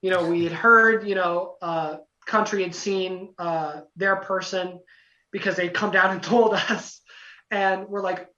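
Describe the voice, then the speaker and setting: A young man telling a casual story as a podcast guest, lively, acting out quotes, with lots of "you know" fillers. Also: sits high, measured pace. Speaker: podcast guest, former singing contestant. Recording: roomy, distant, dull lo-fi sound.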